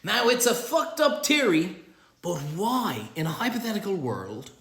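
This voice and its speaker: A middle-aged Irish man rants animatedly through a sarcastic, sweary monologue, his pitch jumping all over the place. His voice echoes around the room. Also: wildly swooping pitch, measured pace, fairly bright tone. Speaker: vlogger. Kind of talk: ranting monologue. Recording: roomy echo.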